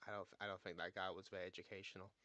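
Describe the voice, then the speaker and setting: A man streaming while he edits video, muttering low-key, deadpan asides. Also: racing. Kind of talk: casual streaming chat while editing.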